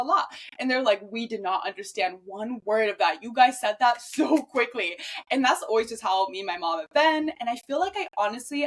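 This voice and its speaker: A woman in her twenties hosting a podcast, talking fast and swearing freely in a casual monologue. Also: fairly high pitch, fairly bright tone. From Los Angeles, US. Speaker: podcast host.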